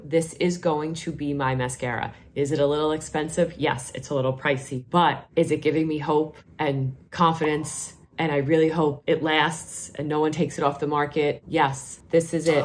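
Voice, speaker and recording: A woman's voice: deep voice, slight background noise. A middle-aged woman with a New York accent, chatting enthusiastically through a casual product review vlog. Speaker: vlogger, nurse.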